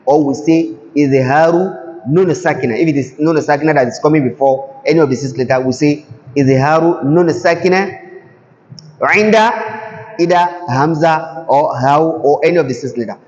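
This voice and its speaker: A man teaching Tajweed who explains patiently, repeats example words slowly, and keeps asking the listener "can you see?". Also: fairly high pitch, darkish tone. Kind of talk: classroom-style recitation lesson. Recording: dull lo-fi sound in a reverberant hall.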